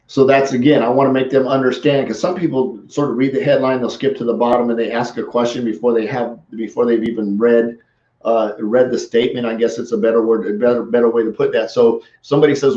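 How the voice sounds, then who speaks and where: A middle-aged man talks through sales tactics in a loose, conversational way, now and then slipping into the replies he would give a prospect. His voice sits at an average pitch, and the sound is roomy and a little muffled. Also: steady tone, fast talker, dark tone. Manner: conversational, acts out sample replies. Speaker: sales coach. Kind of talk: casual coaching talk. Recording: roomy, slightly dull audio.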